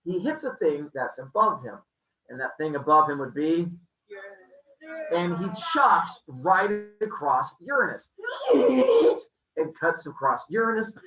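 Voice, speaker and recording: A man tells an old myth as a casual, joking story, his voice swooping and animated. His tone is bright and forceful. The recording sounds dull and lo-fi. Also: fairly high pitch, takes it slowly, echoey room, soft background music. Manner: jokey, playful, full of sound effects. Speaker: podcast storyteller.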